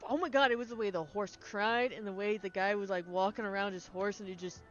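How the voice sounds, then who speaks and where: A woman streaming a video game, chatting casually and excitably, laughing often and trailing off mid-sentence, with a sniffly nose. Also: mid-range voice, quick pace. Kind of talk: casual gameplay stream chat. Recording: slightly dull lo-fi sound with faint game music.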